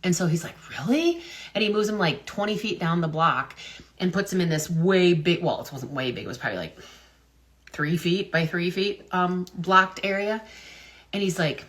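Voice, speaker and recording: A woman with a slightly low voice talks straight to her viewers in a loose, casual vlog. She rambles and thinks out loud, full of "um"s and restarts. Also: moderate pace. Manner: rambling, wonders aloud, many fillers and restarts. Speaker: health and business content creator. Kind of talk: casual talk-to-camera vlog.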